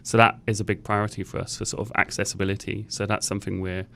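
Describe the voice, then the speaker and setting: Male dev guest, lowish voice, lively anecdotes. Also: fast talker, creaky, a little hiss or hum. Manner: animated storyteller, laughs easily. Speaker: game developer guest. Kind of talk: casual chat.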